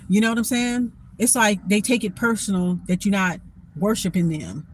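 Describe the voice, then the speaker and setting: A woman telling a story in a casual vlog, blunt and profane, animated and quick to laugh. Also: medium pitch, husky. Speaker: storytime vlogger.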